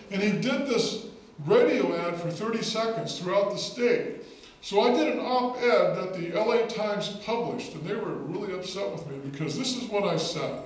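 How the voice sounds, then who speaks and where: High-voiced man speaking in an echoey hall. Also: expressive, moderate pace. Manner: storytelling, emphatic, repeats words for effect. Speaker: state legislator giving a speech. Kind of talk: political rally speech. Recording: echoey hall, distant mic, faint noise.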